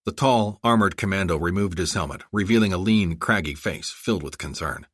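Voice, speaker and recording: A man narrating a thriller audiobook in a dramatic, measured way. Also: sits low, fairly bright tone, dry recording, clean studio sound. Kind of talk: scripted narration.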